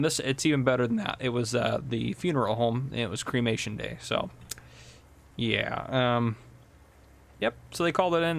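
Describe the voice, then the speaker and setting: A man with a gravelly, medium-pitched voice casually commentates a farming game while telling stories from his work as a police officer. He's chatty and laughs often.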